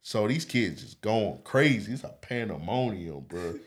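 A young man co-hosting a podcast, telling a childhood story in casual slangy talk, often laughing and getting animated. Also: on the low side, a little slow. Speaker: podcast co-host.

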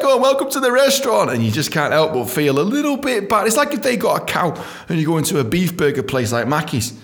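A male comedian, delivering a sweary, rambling comic monologue. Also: fairly high pitch.

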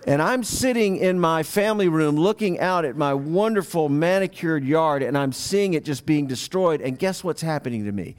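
A man's voice: fairly high pitch, expressive, moderate pace, few pauses. Man, middle-aged, pastor, sermon, conversational storytelling, asks the audience questions.

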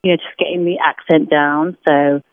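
A British woman in her thirties talks as a guest, lively and chatty. Her voice sits a little low. She comes through a thin, phone-like line with no room sound. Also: moderate pace, no echo. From Britain. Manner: chatty, animated storytelling with laughs. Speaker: podcast guest. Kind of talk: casual interview chat.

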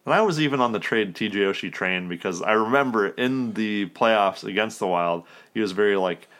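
A man co-hosting a casual sports podcast, swearing freely and telling quick stories. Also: fairly low pitch, fairly bright tone. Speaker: podcast co-host.

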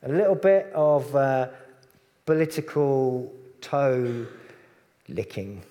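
A man delivers a conversational sermon at a middle pitch. He often sinks to soft, hushed tones on tender points. His voice rings with the long reverb of a church hall. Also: takes it slowly, dull audio. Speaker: preacher.

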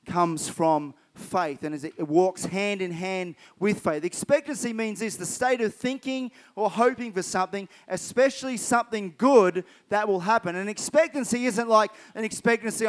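A man's voice: high-pitched, moderate pace, hardly any pauses, faint music behind. A man preaching a sermon, retelling Bible stories vividly and repeating key phrases for emphasis.

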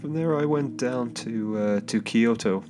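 A mid-range, unhurried male voice from England hosts a solo podcast, telling a wandering, casual travel story with plenty of fillers, restarts and laughing asides. It's recorded on a home microphone, with soft guitar music bedded under his speech.

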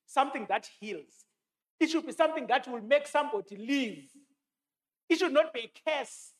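A man delivers a sermon in a notably high voice. He talks emphatically, quotes scripture and repeats his key lines for weight. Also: animated, normal speed. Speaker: preacher.

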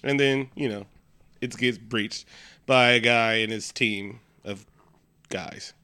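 A man co-hosting a casual movie review chat, retelling scenes in animated quoted voices. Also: mid-range voice, slow pace, smooth. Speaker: podcast co-host.

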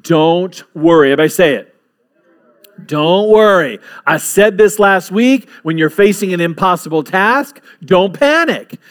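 A man's voice: sits high, lively intonation, normal speed, hardly any pauses. A male pastor preaching a sermon, building emphasis with repeated phrases.

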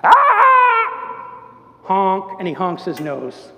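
An older man preaching a sermon in a church, telling stories with lively energy and acting out the quotes. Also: high-pitched, normal speed, dull audio. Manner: animated storytelling, acts out quotes. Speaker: pastor. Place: church sanctuary. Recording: long church reverb.

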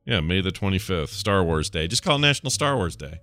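A man's voice: low voice, sing-song, brisk, pushed and bright, no echo, soft background music. A middle-aged man hosting a podcast in casual, jokey, rambling chat, laughing often. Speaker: podcast host.

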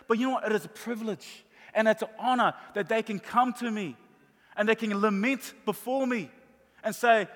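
A middle-aged man preaches a sermon in a fairly high voice, driving home each point by saying it again. His voice rings out through a large hall with a long reverb trailing behind his words. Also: a little fast. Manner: warm storytelling with emphatic repetition.

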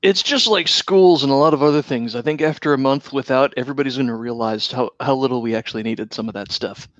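A man's voice: mid-range voice, quick pace, no echo. A man co-hosting a casual talk show, making dry, wry remarks. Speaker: podcast co-host. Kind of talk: casual chat. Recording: dull, dry, muffled.

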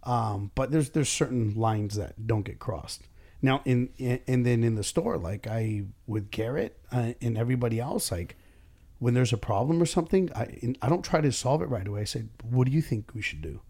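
A man's voice: mid-range voice, expressive, moderate pace, vocal fry, dark tone. A man who runs his own business, talking casually and bluntly in a podcast chat, swearing freely and acting out bits of dialogue. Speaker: business owner and boss.

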